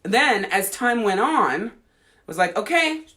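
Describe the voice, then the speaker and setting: A woman's voice: medium pitch, animated, slow, sharp tone. A woman life coach on a livestream, answering viewer comments, talking bluntly with heavy swearing. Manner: blunt and heavily profane, acting out quoted voices.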